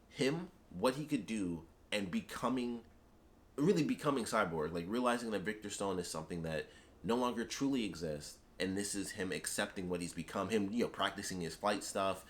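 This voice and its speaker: A man giving a casual, rambling spoken film review, enthusiastic and full of fillers. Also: low voice. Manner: rambling and enthusiastic, heavy on "like" and "you know". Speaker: YouTube movie reviewer.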